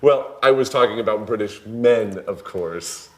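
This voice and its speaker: A man's voice: lowish voice, measured pace, lightly acted. An actor playing a playful young man teasing his friends in a scripted learner drama. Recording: roomy echo.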